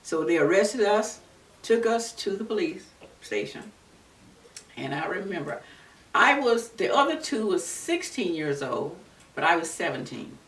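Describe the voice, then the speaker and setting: A woman in her seventies from Florida, recalling her civil rights days in an earnest, unhurried oral-history telling. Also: on the low side, very animated, fairly bright tone. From Florida, USA. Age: 70s. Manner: earnest, unhurried storytelling with many restarts. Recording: roomy, distant mic with faint background noise.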